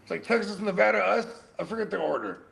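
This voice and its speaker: A man from Northern California with a very high voice and a gravelly rasp running through it. He chats loosely as a co-host, rambling and dropping "like" into nearly every phrase. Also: lively intonation, fast, fairly bright tone. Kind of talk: casual chat.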